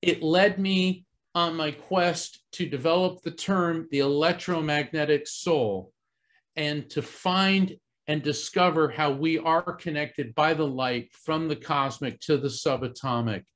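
A man's voice: a little high, measured pace, a bit bright. A middle-aged man from Central Florida telling a personal story to a live audience as a psychic medium, earnest and conversational, with many fillers and restarts. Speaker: psychic medium giving a talk.

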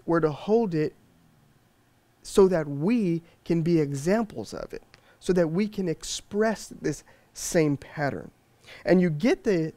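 Pastor with a fairly high, dry voice. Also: male voice, darkish tone, dry recording. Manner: explanatory, with frequent restarts and fillers. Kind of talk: sermon.

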